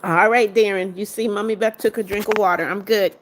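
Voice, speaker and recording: A woman's voice: medium pitch, steady tone, a little fast, a little hiss or hum. A middle-aged American woman hosting a casual live stream, chatting as she reads out viewer comments and answers each one. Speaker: livestream host reading viewer comments.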